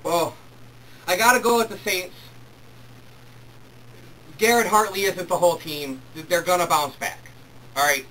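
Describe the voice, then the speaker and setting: A young man hosting his own sports talk show, reading emails and ranting excitedly about football. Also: high-pitched, a little slow, long pauses, slight background noise. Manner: excitable, worked up when ranting. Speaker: host. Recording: distant mic with faint room ambience.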